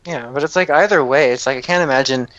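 A man co-hosting a relaxed podcast, talking in a loose, filler-heavy way. He agrees readily and slips in playful pop-culture references. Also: medium pitch, fast, highs cut off, over a noisy crowd. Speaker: podcast co-host. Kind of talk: casual chat about a movie.

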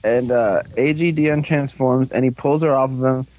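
A man's voice: fairly even intonation, darkish tone, no echo. A man casually recapping episodes on a podcast, rambling with lots of fillers and briefly putting on voices for the characters. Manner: rambling, frequent "like" and "um", puts on quick high voices for characters. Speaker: podcast host recapping a show.

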